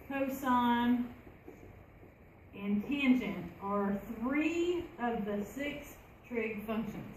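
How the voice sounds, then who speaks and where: A woman teacher, leading a classroom lesson and asking the class questions. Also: fairly high pitch. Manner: conversational, asks the class questions. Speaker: math teacher. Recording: echoey classroom, faint room noise.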